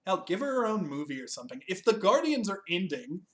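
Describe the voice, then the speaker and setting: A man's voice: high voice, big pitch swings, quick pace, a bit bright. A young man hosting a casual chat, joking, swearing freely and laughing often as he reviews a TV special. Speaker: podcast host.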